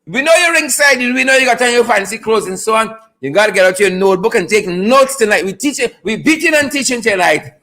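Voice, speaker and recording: A man hosting a live stream, chanting catchphrases loudly and playfully and greeting viewers. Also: sits high, expressive, a little fast. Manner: chanting catchphrases, loud and playful, frequent laughs. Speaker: live show host. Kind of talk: hyped live stream chat.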